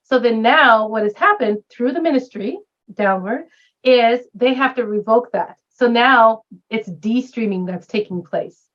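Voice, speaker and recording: A woman's voice: fairly high pitch, a little slow, fairly bright tone, lo-fi sound. A retired woman professor speaking as a guest in a round-table discussion, emphatic and posing rhetorical questions.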